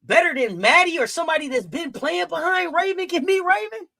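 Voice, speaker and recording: Speaking a little fast in a very high, creaky, sharp voice with lively intonation, this woman is recorded with no echo. Hosting a sports talk stream, she delivers a profane, heated live-chat rant, repeating phrases and constantly turning to address her viewers.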